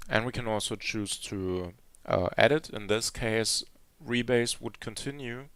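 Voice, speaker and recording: Creaky low-voiced man demoing code. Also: takes it slowly, a bit bright, no room sound. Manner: hesitant, many fillers and restarts. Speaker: conference speaker. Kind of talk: live coding demo talk. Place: conference hall.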